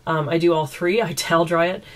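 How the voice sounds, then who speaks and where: Fairly low-pitched and fairly quick, with fairly even intonation, this East Coast Canadian woman chats casually at home. She giggles while responding to viewer questions into a camera mic.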